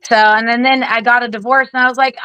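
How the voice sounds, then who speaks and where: A woman in her forties talks in a bright, slightly high voice, blunt and rapid-fire, with constant swearing. The sound is close and dry, with no room around her. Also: little pitch movement, clear, resonant tone, dry recording, poor audio. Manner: blunt, heavily profane, rapid-fire venting. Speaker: guest, Air Force veteran. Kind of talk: candid podcast storytelling.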